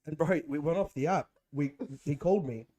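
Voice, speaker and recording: A young man, a guest on a podcast, telling animated stories in slangy casual chat. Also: a little high, a little fast. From Australia. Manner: animated storytelling, slangy, says bro and man.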